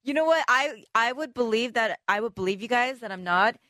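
Insistent woman with a bright voice. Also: on the high side, expressive, a little fast, no echo, studio quality. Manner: insistent, defensive. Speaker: podcast producer. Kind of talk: casual chat.

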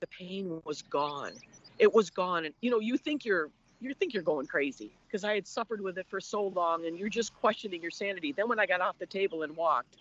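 A woman's voice: lowish voice, fairly quick. Emotional woman in her sixties, lo-fi. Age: 60s. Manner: emotional, animated storytelling with laughs. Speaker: former patient guest. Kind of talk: personal testimony.

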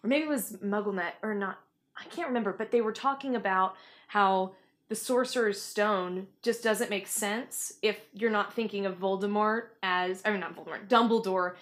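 A woman's voice: mid-range voice, normal speed. A woman in a casual book discussion, rambling and self-correcting, often laughing.

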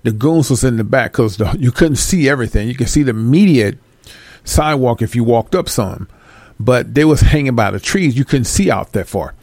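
Gravelly-voiced man ranting bluntly. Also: mid-range voice, normal speed, no echo. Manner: blunt, preachy, animated, swearing. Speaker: vlogger. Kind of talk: ranting commentary to viewers.

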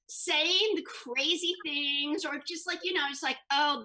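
A woman's voice: sits high, sharp tone, a little hiss or hum, rough recording. A woman from Kentucky hosting a podcast, brashly teasing her guests and talking over them. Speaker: podcast host. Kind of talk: rowdy podcast banter.

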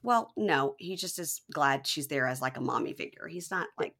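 A woman's voice: deep voice, animated, moderate pace, fairly bright tone. A woman in her forties co-hosting a casual chat, recapping a reality show and acting out quotes in exaggerated voices. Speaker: podcast co-host.

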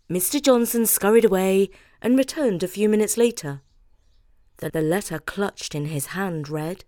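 A woman hosting a show, reading a children's story aloud in an expressive way. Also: mid-range voice, normal speed, dry recording, studio quality. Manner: expressive, animated. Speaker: host reading children's stories.

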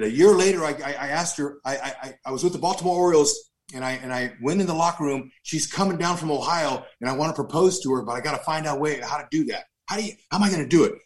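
Man, testimony storytelling, animated, somewhat high voice, frequent restarts. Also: quick pace, hardly any pauses. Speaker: speaker giving a faith testimony. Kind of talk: personal storytelling talk.

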